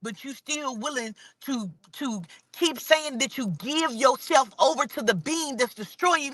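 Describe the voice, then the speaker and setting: A woman's voice: measured pace, few pauses, a bit bright, dry recording. A woman giving an impassioned, profane spiritual monologue, repeating and stressing her points in a preachy way. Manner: preachy, profane, repetitive and emphatic; drops to a low mutter when saying she is getting angry. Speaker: spiritual vlogger.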